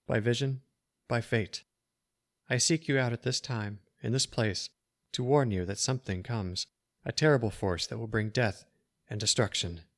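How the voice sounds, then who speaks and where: A man's voice: mid-range voice, moderate pace, no echo, natural voice. A man voicing an anguished masked prophet of doom in a storybook reading, with a trembling, mournful voice. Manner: mournful and sorrowful.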